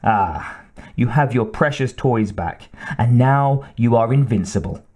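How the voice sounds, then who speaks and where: A man's voice: mid-range voice, expressive, measured pace, a little mellow. A male narrator voicing a sardonic woman lieutenant, speaking in a dry, mocking way in an audiobook. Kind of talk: audiobook character reading.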